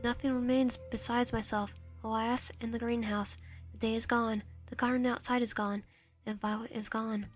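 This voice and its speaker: A woman's voice: a little high, little pitch movement, moderate pace, faint music behind. A woman streamer reading a visual novel aloud, narration and player lines, often stumbling and restarting. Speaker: game streamer.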